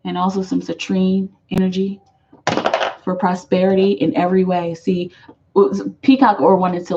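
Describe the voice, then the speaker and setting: A woman's voice: mid-range voice, steady tone, normal speed, warm tone, highs cut off, a little hiss or hum. A woman giving a live tarot reading to her viewers, emphatic and affectionate, repeating her phrases for weight. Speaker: tarot reader.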